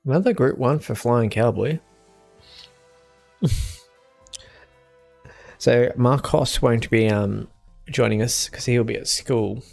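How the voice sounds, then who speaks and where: A young man streaming a game and chatting casually with viewers in a relaxed, easygoing way. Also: mid-range voice, slow pace, creaky, long pauses, faint music behind. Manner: relaxed, chatty, answers chat with small laughs. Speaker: gaming streamer.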